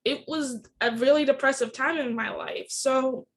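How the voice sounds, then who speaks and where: A woman's voice: high voice, fairly even intonation, moderate pace, fairly bright tone. A young adult woman hosting a podcast, telling her own story in an earnest, candid and emotional way. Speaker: podcast host. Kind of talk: personal storytelling.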